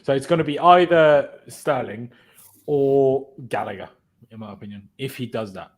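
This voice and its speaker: A man's voice: medium pitch, normal speed. Opinionated man hosting a football stream. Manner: opinionated, talks through his reasoning aloud. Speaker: host. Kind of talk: casual football chat on a live stream.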